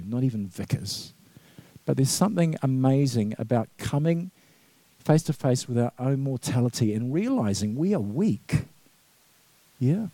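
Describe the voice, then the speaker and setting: A mid-range, mellow voice belongs to a middle-aged vicar preaching in church, where he chats through anecdotes, laughs often, and acts out the quotes. The recording is dry.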